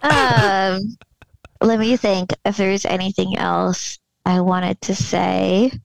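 A woman talking casually as a podcast guest, with a gravelly edge to her voice. Her speech is filled with fillers, recorded close in a dry room. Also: medium pitch, steady tone, takes it slowly, a little mellow, dry recording, rough recording. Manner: chatty, filler-heavy. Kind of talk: casual chat.

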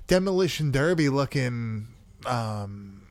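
A man's voice: medium pitch, expressive, slow, a little mellow, dry recording. A man hosting a podcast, casually recapping a film in a rambling way, swearing and laughing often. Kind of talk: casual chat.

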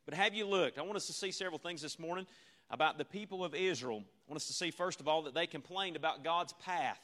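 A man's voice: on the high side, quick pace, a bit bright. A man preaching a revival sermon, earnest and repetitive, asking the congregation rhetorical questions. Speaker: visiting preacher.

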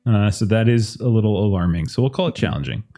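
A man's voice: lowish voice, expressive, quick pace, warm tone. A man narrating as game master of a tabletop game, casual, with many fillers and restarts.

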